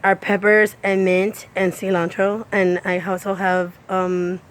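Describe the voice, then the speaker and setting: A chatty woman strolls outdoors through her backyard, talking into a handheld phone camera. She repeats herself as she goes and now and then jumps into a high, delighted squeal. Her pitch is an ordinary middle for a woman, and the tone is easy and casual. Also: level tone, a little slow, slight background noise. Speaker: cosplayer giving a garden tour. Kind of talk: casual walking tour chat. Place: outdoors in a home backyard garden.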